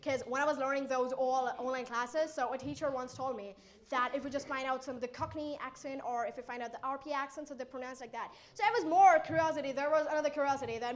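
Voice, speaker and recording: A woman's voice: high-pitched, fast talker. A teenage girl from India with an Indian English accent, telling her life story as a motivational speaker and acting out what people said. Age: teen. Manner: animated, acts out quoted exchanges.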